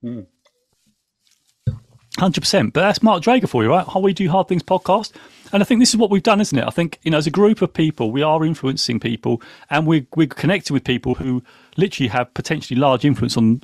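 A man's voice: fairly high pitch, expressive, fast, no room sound, clean studio sound. A man hosting a casual live podcast, giddy and rambling, talking over his co-hosts after some wine. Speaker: podcast host.

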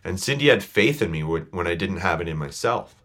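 A man's voice: deep voice, lively intonation, fairly quick, a bit bright. A man telling a personal story as a podcast guest, earnest and a little choked up. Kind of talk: casual chat, personal storytelling.

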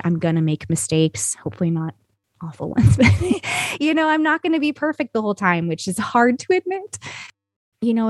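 A woman's voice: lowish voice, a little mellow, no room sound, clean studio sound. A woman talking as a podcast guest, telling stories in an earnest, rambling way full of "you know" and "like". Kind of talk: conversational storytelling.

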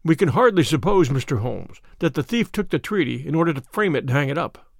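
A man's voice: a little high, big pitch swings, brisk, gravelly, dry recording, studio quality, full character voice. A man reading the part of a dignified, wry statesman in an audiobook, formal in manner.

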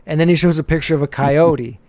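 A man's voice: on the high side, fast talker, darkish tone, no room sound. Chatty man recapping with a laugh. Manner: chatty, laughs often while retelling scenes. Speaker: podcast host. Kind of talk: casual episode recap.

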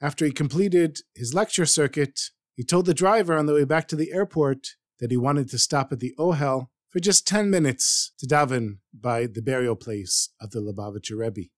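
A male storyteller telling a tale in an earnest, expressive way, at a middle pitch. His voice is close to the mic and dry, with no room sound around it. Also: moderate pace, hardly any pauses, dry recording. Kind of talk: narrated story.

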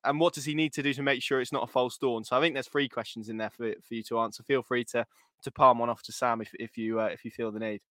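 A man hosts a football podcast in a loose, rambling chat and keeps circling back with restarts and repeated words. He talks at a brisk clip. The sound is dry and close. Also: mid-range voice, fairly even intonation, fairly bright tone, no room sound. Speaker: podcast host.

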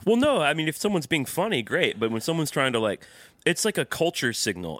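A man's voice: fairly high pitch, very animated, fairly quick, a bit bright, dry recording. A man co-hosting a casual comedy podcast, ranting and joking with a mocking edge, laughing often and swearing freely. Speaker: podcast co-host.

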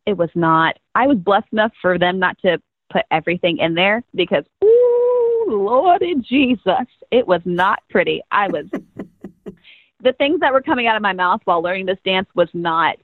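A woman's voice: mid-range voice, big pitch swings, moderate pace, dry recording. A young woman in her twenties, a first-year pro cheerleader, chatting bubbly in an interview and laughing often. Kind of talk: casual interview storytelling. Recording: tinny phone-like line, dry.

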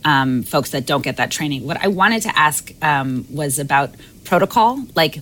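A woman's voice: low-pitched, expressive, normal speed, fairly bright tone, poor audio. A woman interviewer asking long, chatty questions, hedging with "sort of" and "um".

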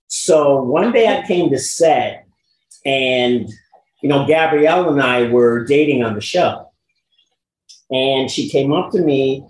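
Relaxed man telling stories in a roomy space. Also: mid-range voice, slow. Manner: relaxed, frequent fillers, lively when quoting himself. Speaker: actor guest recalling a past role. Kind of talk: casual anecdotal storytelling. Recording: roomy with faint background noise.

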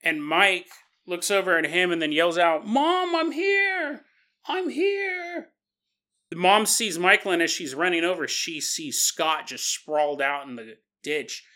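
Bright, animated male storyteller. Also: fairly high pitch, moderate pace. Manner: animated, conversational retelling. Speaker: podcast host. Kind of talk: paranormal storytelling.

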